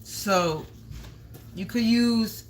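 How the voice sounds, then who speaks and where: A woman's voice: fairly high pitch, very slow, a little hiss or hum. A woman tarot reader speaking, delivering a blunt, scolding monologue to her viewers, swearing often and raising her voice at times. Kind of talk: confrontational livestream monologue.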